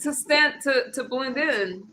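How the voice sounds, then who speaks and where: Woman stream host, bright-toned, rambling casual chat. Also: high-pitched, takes it slowly, a little hiss or hum, rough recording. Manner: chatty, rambling, frequent restarts. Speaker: host of a political commentary stream.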